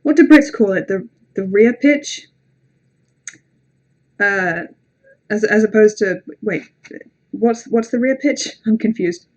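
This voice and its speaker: Her medium-pitched, slightly mellow voice moves slowly, with frequent pauses. A young British woman with a British accent, she chats on a livestream between horror story readings in a rambling, sweary, self-deprecating way.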